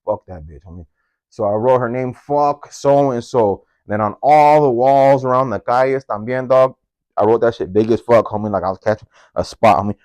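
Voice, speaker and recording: A man telling a story from his own life in a casual, slangy, profane way, leaping up in pitch whenever he quotes someone. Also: fairly quick, a little mellow, dry recording. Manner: slangy and profane, jumps into high-pitched voices when quoting. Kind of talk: casual first-person storytelling.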